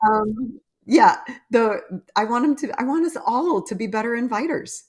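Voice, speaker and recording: A woman's voice: fairly high pitch, expressive, moderate pace, darkish tone. A woman co-hosting a podcast, talking in an enthusiastic, conversational way. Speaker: podcast co-host. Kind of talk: casual chat.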